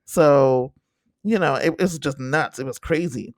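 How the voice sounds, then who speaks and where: Gravelly-voiced animated man chatting. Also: mid-range voice, a little slow, no echo, clean studio sound. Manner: animated, talks in bursts with repeats. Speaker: podcast co-host. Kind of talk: casual chat.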